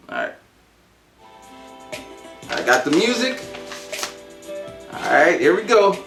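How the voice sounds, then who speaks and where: Rambling, animated man in his forties. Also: on the high side, unhurried, pauses often, echoey room, soft background music. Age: 40s. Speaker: vlogger. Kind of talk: casual storytelling vlog. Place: home.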